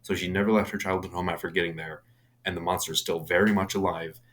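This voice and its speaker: A man's voice: sits low, flat delivery, quick pace. A young man casually recapping a horror film, rambling with many restarts and casual swearing. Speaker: movie reviewer.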